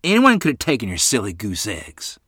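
A man's voice: on the low side, huge pitch swings, normal speed, pushed and bright, breathy edge, no echo, studio quality, full character voice. A man reading a story aloud, voicing an angry mother who hollers and sneers at her neighbor. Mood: furious. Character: angry shouting mother in a feud.

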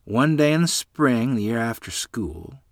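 A man's voice: mid-range voice, animated, a little slow, no echo, studio quality. A man reading a rural family memoir aloud as storyteller, voicing the people in it.

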